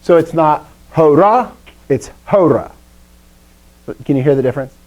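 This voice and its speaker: A woman's voice: low-pitched, steady tone, fast, mellow, highs cut off. A woman teacher leads a live lesson over a video call, chatty and joking as she quizzes her class.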